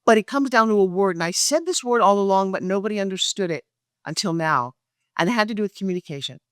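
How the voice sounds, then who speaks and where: Brief: middle-aged woman guest, lively storyteller, mid pitch, dry close sound. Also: fast talker, dry recording. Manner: acts out quoted dialogue with lively pitch jumps. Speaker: guest, pitch expert and speaker. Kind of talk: animated storytelling interview.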